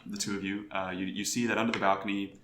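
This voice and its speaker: A man narrating a tabletop game as game master, unhurried, with frequent ums and restarts. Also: lowish voice, flat delivery, crowd noise. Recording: roomy home recording.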